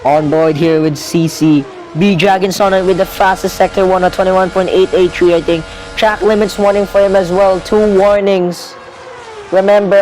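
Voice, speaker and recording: High-voiced young man calling a game race. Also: normal speed, a little hiss or hum, poor audio. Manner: rambling, self-correcting, excitable at crashes. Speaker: race commentator. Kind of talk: live video game race commentary.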